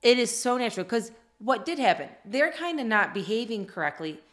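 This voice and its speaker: A woman's voice: a little high, very animated, brisk. A middle-aged woman in casual podcast chat, telling heartfelt family stories in an earnest way. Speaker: podcast co-host.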